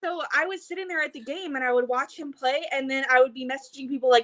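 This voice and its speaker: A young woman on a video call at home, out of breath and talking fast and excitedly. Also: high-pitched. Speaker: host of a live sales event. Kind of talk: casual live video chat.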